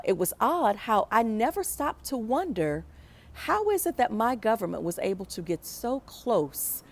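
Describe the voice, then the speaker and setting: A woman's voice: on the low side, creaky, darkish tone. A young adult woman telling a personal story in a reflective way, acting out the voices she quotes.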